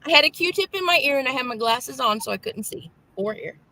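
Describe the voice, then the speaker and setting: A woman hosts a loose live online chat, joking and hopping between topics. Her voice sits a bit high and sounds bright and forceful, with plenty of gravelly fry. The sound is dry and close, as on a call mic. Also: lively intonation, brisk, no echo. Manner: chatty, jokey, scattered. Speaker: host. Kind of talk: casual live panel chat.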